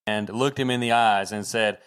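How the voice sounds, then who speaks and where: A man's voice: lowish voice, steady tone, normal speed, fairly bright tone, clear, resonant tone. A man co-hosting a podcast in casual chat, making wry joking asides. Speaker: podcast co-host.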